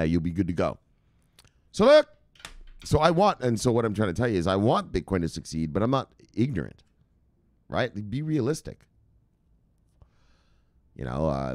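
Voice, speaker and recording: A man's voice: sits low, a little mellow, no room sound, clean studio sound. A man from Jamaica hosting a crypto news channel, ranting casually and profanely with heated sarcasm. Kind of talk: casual opinion rant to camera.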